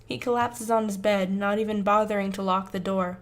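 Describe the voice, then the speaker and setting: A woman narrating fan fiction aloud in a measured, even storytelling manner. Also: mid-range voice.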